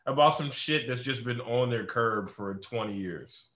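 A young man, his voice bright and sharp-edged, chatting in a roomy, echoey space. He tells stories loosely and crudely, with plenty of swearing and joking around. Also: medium pitch, normal speed. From Philadelphia. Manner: loose, crude, jokey storytelling. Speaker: podcast co-host. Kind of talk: casual chat. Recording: roomy echo.

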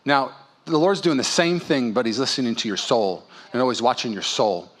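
A male pastor preaching a sermon at a church service, telling stories and acting out voices with lively energy. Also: mid-range voice, normal speed. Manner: animated storytelling, acts out dialogue.

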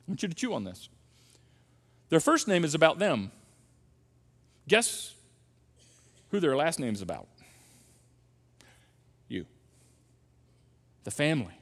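A man's voice: fairly high pitch, long reverb tail. A middle-aged man preaching a sermon as a pastor, emphatic and repeating key phrases for effect. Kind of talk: sermon on parenting.

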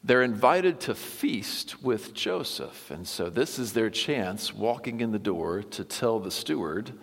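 A man preaching a sermon, retelling a Bible story in a casual, storytelling way with lively asides. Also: mid-range voice, measured pace, few pauses, big-room sound. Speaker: pastor. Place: church sanctuary.

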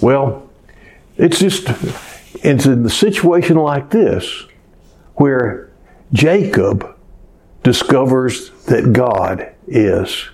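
Slow, folksy male preacher. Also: mid-range voice, expressive, darkish tone. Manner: folksy storytelling with rhetorical questions. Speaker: pastor. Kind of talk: sermon.

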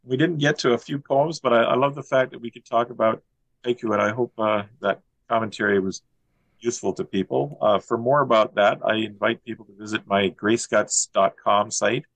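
A man as a guest poet, talking in a relaxed, thoughtful way and reading a poem in a steady, list-like cadence. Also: mid-range voice, a little fast, no room sound. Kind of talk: conversational interview with a poetry reading.

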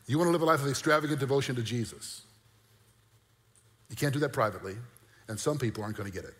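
A man's voice: mid-range voice, fast talker. Preaching man in a reverberant church. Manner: animated preaching with mock-incredulous outbursts. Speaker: pastor. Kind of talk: sermon.

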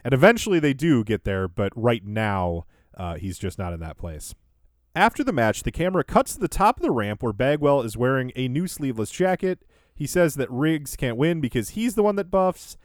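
A man hosts a podcast and walks through the show beat by beat in a relaxed, chatty way, chuckling now and then. His voice sits at an ordinary middle pitch. The sound is close and dry, with no room around it. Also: normal speed, no room sound. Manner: recaps events in order, laughs easily. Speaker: podcast host. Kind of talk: casual recap chat.

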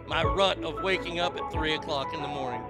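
A man's voice: on the high side, brisk, loud music behind the voice. A man hosting a talk show, pranking a call center and joking about it afterward with stammering restarts. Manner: jokey, giggly, stammering restarts. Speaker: show host making prank calls.

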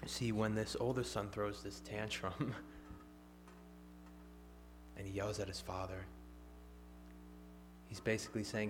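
A man delivers a sermon in a somewhat low voice, pressing hard on key lines and then falling to a near whisper. Faint instrumental music sits quietly beneath him. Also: fairly even intonation, measured pace, pauses often. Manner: swings from emphatic to hushed, near-whispered. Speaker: preacher.

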